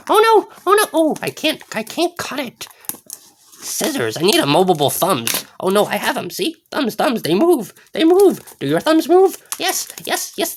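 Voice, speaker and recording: A woman's voice: mid-range voice, slight background noise. A woman in an unboxing vlog, giddy and squealing, rambling to herself as she opens card packs. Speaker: card pack opener.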